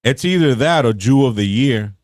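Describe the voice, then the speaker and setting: In casual podcast chat, this male co-host jokes and laughs frequently, speaking at normal speed with lively intonation. His voice is medium-pitched and a little mellow, recorded at studio quality with no room sound.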